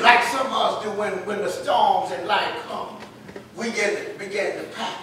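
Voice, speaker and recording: A pastor with a very high, piercing, bright voice preaches in a church. His sermon swells from quiet asides into shouts, and it rings through a very echoey room, picked up from some distance. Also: moderate pace, a little hiss or hum. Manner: preaching with call-and-response and rising shouts. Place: church sanctuary. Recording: roomy echo, mic at a distance.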